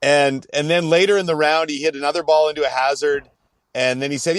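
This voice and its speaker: A man's voice: fairly high pitch, steady tone, brisk, smooth, no room sound. Rambling male podcast co-host, dry sound. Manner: rambling storyteller, many fillers. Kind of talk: casual chat.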